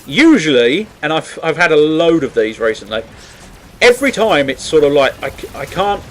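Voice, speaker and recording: Lively sweary man commentating a game. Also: fairly high pitch, moderate pace, a little hiss or hum. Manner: swearing, laughing, rambling asides. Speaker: gaming commentator. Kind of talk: casual gameplay commentary.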